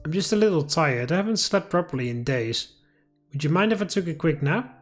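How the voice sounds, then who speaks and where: Shy polite visual novel girl, read by a man, lively pitch, faint music. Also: brisk, natural voice. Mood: apologetic. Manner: polite, hesitant. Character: shy, soft-spoken young woman, unsettled. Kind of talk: reading a visual novel aloud.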